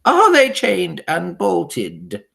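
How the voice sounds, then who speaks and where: A man voicing a domineering old female witch leader in a storybook reading, giving slow, harsh, barked commands with rolled R sounds. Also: sits high, wildly swooping pitch, creaky, fairly bright tone, husky, pitched above the performer's own voice, exaggerated voice. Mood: commanding. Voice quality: harsh, grating voice.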